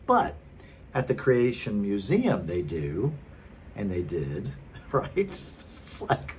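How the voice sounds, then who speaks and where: A man's voice: a little high, very animated, a little slow, slight background noise. A man in his thirties, a former pastor, telling his story casually and rambling with many fillers. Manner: chatty and rambling, many fillers and restarts, frequent laughs.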